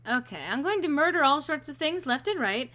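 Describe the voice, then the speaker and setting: A woman's voice: sits high, lively intonation, a little fast, bright, forceful tone. A woman streaming a game and chatting casually with a co-host and viewers, playful and full of fillers.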